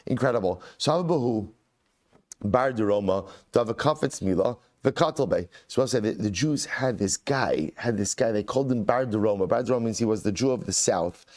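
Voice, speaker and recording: A man's voice: medium pitch, darkish tone. A man, a rabbi teaching a Talmud lesson, who reads Aramaic text and then explains it in plain English, often repeating key phrases for emphasis. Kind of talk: Talmud lesson, reading and translating.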